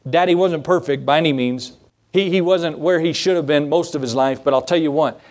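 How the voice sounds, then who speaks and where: A male pastor giving a sermon, telling folksy personal stories in an earnest, conversational way, likely in a church sanctuary. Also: a little high.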